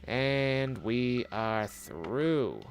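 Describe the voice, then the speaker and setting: A man's voice: mid-range voice, lively intonation, very slow, slight background noise. A man streaming a game, giving casual commentary and muttering to himself in a chatty, self-mocking way.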